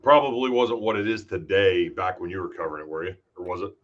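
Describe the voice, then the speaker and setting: A man co-hosting a casual sports podcast, relaxed and asking questions. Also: low-pitched, fast, muffled recording. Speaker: podcast co-host.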